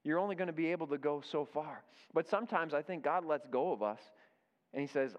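A man's voice: fairly high pitch, fairly quick. A man in his thirties preaching a sermon, telling a family story in a conversational way and repeating key phrases for emphasis. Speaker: pastor. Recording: dull sound with long hall reverb.

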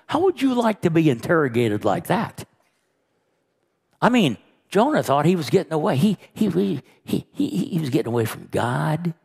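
A man pastor preaching a sermon, slow and emphatic, rising and quickening when he retells scenes. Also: a little high, big pitch swings, gravelly, a little mellow, husky.

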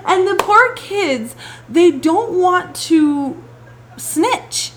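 A woman hosting a podcast in casual chat, telling animated stories, laughing often and swearing casually. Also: very high voice, drawn-out words. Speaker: podcast host.

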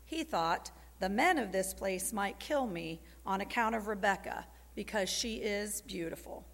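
A woman reading scripture aloud in a steady, measured way. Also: mid-range voice. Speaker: scripture reader. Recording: gravelly voice in a long hall reverb.

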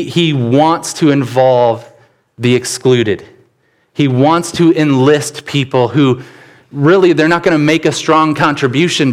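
A man preaching a church sermon, telling stories with sudden bursts of animation. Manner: animated storytelling with sudden rises in pitch. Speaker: pastor.

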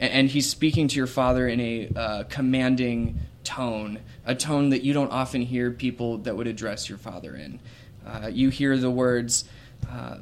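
A man's voice: mid-range voice, a little hiss or hum. A man running a tabletop role-playing game as game master, narrating scenes with frequent fillers and restarts. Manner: hesitant, many fillers and restarts.

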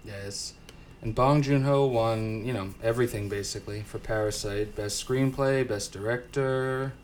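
A man's voice: mid-range voice, steady tone, a little slow, a little hiss or hum. A man co-hosting a podcast, chatting in a laid-back, wry and agreeable way. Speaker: podcast co-host. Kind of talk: casual chat.

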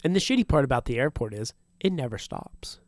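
A man's voice: mid-range voice, sing-song, brisk, darkish tone, no room sound, clean studio sound. A man co-hosting a podcast in casual chat, talking bluntly and swearing freely. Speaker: podcast co-host.

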